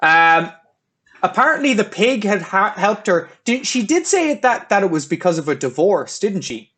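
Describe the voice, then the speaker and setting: Give me an animated man reviewing films on a podcast, voice a bit high. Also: moderate pace, soft background music. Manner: animated, acts out scenes. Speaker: podcast host. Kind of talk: casual film review chat.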